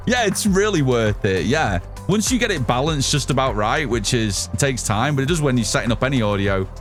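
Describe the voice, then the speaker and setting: Guy streaming, talks in circles, swears a lot, bouncy voice, soft music under it. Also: mid-range voice, big pitch swings, normal speed. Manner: rambling, swears freely, many restarts. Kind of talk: casual live-stream chat. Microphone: studio mic through an audio mixer.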